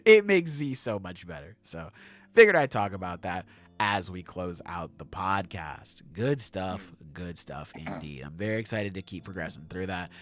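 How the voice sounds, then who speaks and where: A young adult man hosting a podcast in casual chat, animated, swearing and laughing often. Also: deep voice, normal speed. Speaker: podcast host.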